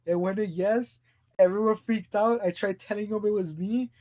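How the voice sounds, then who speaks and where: A man's voice: high voice, steady tone, normal speed, dark tone. A man co-hosting a podcast in casual chat, telling a story in a rambling way, stumbling over restarts and laughing often. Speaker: podcast co-host.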